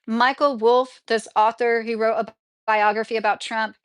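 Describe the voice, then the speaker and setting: A woman's voice: on the high side, little pitch movement, moderate pace, clean tone. A woman hosting a casual livestream, chatting and talking back to viewer comments as she reads them. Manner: chatty, laughs often, talks back to the chat. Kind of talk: casual chat.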